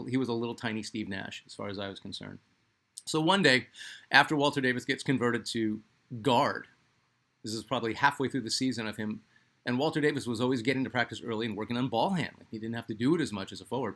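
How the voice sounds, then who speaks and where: A man's voice: mid-range voice, fairly bright tone. Man, middle-aged, from Phoenix, sports channel host, casual rambling storytelling, lots of ums and uhs. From Phoenix, Arizona, US. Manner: rambling, conversational, many fillers and restarts. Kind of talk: personal storytelling.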